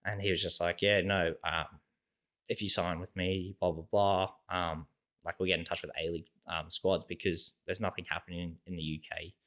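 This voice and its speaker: A man's voice: sits low, little pitch movement, normal speed, fairly bright tone. A young man in his twenties with an Australian accent, a podcast guest telling his story in a loose, casual way and filling his talk with "like" and "sort of". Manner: rambling, heavy use of "like" and "sort of" fillers.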